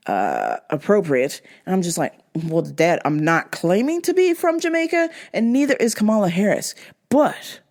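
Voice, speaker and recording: A woman hosting her own show, telling a family story in a casual, exasperated monologue. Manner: exasperated, incredulous retelling of family arguments; acts out quoted dialogue with shifts in pitch. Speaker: podcast host.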